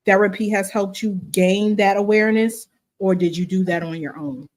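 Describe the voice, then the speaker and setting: A woman's voice: mid-range voice, fairly even intonation, moderate pace, a little mellow. Woman host asking reflective questions. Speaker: podcast host. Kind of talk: conversational interview.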